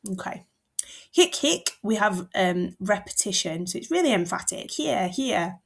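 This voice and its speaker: A woman's voice: medium pitch, expressive, normal speed, vocal fry, slightly rough. A young woman teacher explaining a poem in a chatty, informal way, with asides. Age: young adult. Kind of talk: classroom-style explanation.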